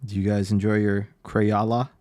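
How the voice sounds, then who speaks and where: A man's voice: lowish voice, flat delivery, moderate pace, darkish tone, dry recording. A man chatting and joking with viewers on a live art stream, teasing them and laughing often. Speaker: livestreaming artist and tattoo artist. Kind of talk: casual livestream chat with viewers.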